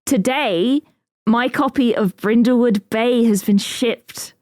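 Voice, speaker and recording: A woman co-hosting a casual podcast chat, excitable and giggly. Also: on the high side, slow pace, no room sound, clean studio sound. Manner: excitable, giggly, reads aloud with relish. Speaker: podcast co-host.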